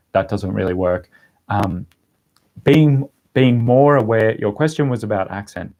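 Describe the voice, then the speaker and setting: A young man casually chatting on a livestream and answering viewer questions, rambling with lots of ums. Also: on the low side. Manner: relaxed, rambling, with frequent ums and laughs. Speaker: language-learning YouTuber answering live chat.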